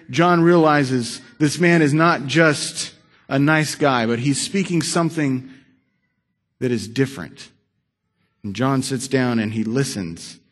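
Man, preacher, sermon storytelling, dramatic swings loud to hushed. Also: medium pitch.

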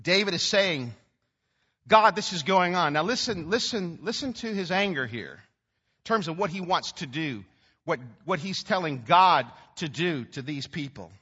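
A man pastor preaching a sermon in an animated, emphatic way. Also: a little high, normal speed, breathy edge. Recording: dull recording with long hall reverb.

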